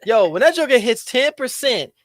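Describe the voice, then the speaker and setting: A man's voice: extremely high pitch, very animated, normal speed, fairly bright tone, dry recording, clean studio sound. A man hosting a casual chat. He teases his guest playfully and talks to the audience.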